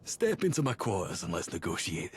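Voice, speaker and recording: A man's voice: low-pitched, sing-song, brisk, noisy background. An actor with a Scottish accent playing a proud male trader who guards a prized charter in a video game. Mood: haughty.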